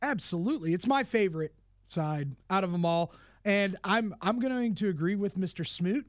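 A man's voice: high-pitched, animated, normal speed, no echo, studio quality. A man who produces a sports talk show, chiming in with easygoing, jokey comments. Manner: easygoing, jokey, stumbles when laughing. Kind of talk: casual sports radio chat.

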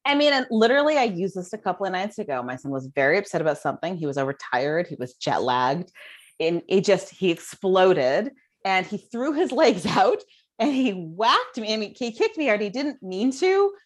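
A woman's voice: mid-range voice, normal speed. A middle-aged woman, a guest author, chatting casually in an interview and telling stories with many fillers. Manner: animated storytelling with many fillers. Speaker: guest, child development author.

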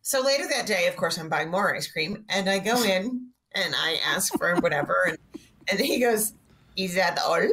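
A woman with a bright, clear voice and a mid-range pitch tells a funny anecdote as a guest. Her intonation is very lively as she jumps between herself and the people in the story. Her delivery is chatty and full of asides. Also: normal speed. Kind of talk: comedic anecdote.

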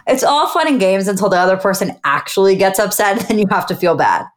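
A woman's voice: mid-range voice, expressive, fast talker. A woman co-hosting a podcast, chatting playfully and laughing as she talks. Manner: playful, laughs while talking. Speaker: podcast co-host. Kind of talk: casual chat.

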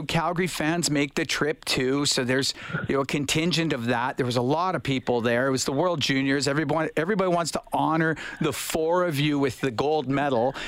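Male radio sports host, slightly high voice, emphatic and upbeat. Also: a bit bright. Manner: enthusiastic, emphatic.

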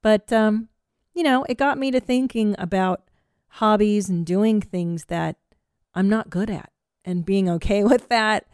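A woman in her forties hosting a podcast, chatting casually and telling stories in a profane, self-mocking, animated way. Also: mid-range voice, measured pace, clear, resonant tone, dry recording, studio quality. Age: 40s. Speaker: podcast host. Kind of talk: casual solo chat.

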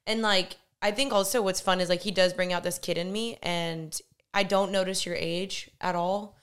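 A woman's voice: on the low side, fairly even intonation, moderate pace, clean tone. A young woman hosting a casual podcast chat, playful and teasing, tired and run down. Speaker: podcast host.

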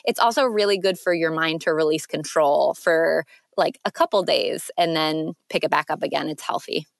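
A woman guest in a casual interview, talking earnestly with lots of filler words and lively rises in pitch. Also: normal speed, vocal fry, dry recording, studio quality. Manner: earnest, animated, frequent "like" fillers. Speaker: podcast guest.

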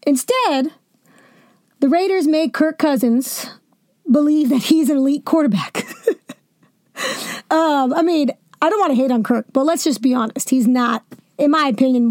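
A young woman hosting a sports podcast, venting about a football game in a jokey, animated way with asides. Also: high-pitched, no room sound, clean studio sound. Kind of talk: casual sports commentary.

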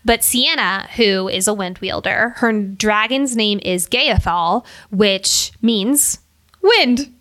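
A woman co-hosting a podcast, chatting casually about a book, animated, laughing often and swearing casually. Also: mid-range voice, takes it slowly. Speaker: podcast co-host.

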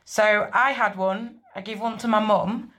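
A woman's voice: medium pitch, fairly even intonation, measured pace, fairly bright tone. A woman from northern England with a northern English accent, chatty and a little hesitant, calling in to tell a personal story. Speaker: caller.

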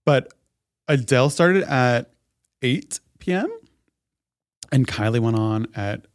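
A medium-pitched man co-hosts a podcast, telling a story in casual conversation at a slow pace and with animated delivery. He's a chatty storyteller who leans heavily on "like" as a filler. The recording is dry and studio quality.

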